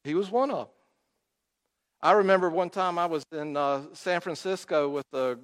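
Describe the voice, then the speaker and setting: Male preacher, slightly high voice, dramatic storytelling, long hall echo. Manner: storytelling, acts out quotes, rises and drops in volume. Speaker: pastor. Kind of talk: sermon.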